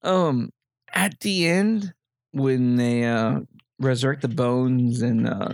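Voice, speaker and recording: A man's voice: medium pitch, slow, vocal fry, no echo, clean studio sound. A man co-hosting a podcast, chatting casually about horror films with lots of swearing. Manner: profane, animated, lots of swearing. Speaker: podcast co-host.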